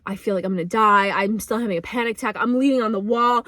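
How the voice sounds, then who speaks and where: A young woman tells a personal story straight to the camera, high-pitched and emotional. She laughs nervously, swears often and fills her sentences with likes and ums. The sound is dry and close, with no room echo. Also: fairly even intonation, brisk, hardly any pauses, fairly bright tone. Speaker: vlogger. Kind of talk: casual storytelling.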